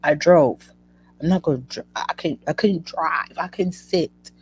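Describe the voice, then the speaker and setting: A woman hosting a show, telling a personal story to her listeners in an emotional, animated way. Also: sits low, unhurried, slight background noise, poor audio. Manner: emotional, animated retelling addressing listeners as y'all. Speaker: host.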